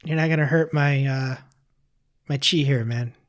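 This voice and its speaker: Male podcast co-host, mock-serene hush, asks everyone to talk quieter. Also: medium pitch, fairly even intonation, normal speed. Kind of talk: casual banter.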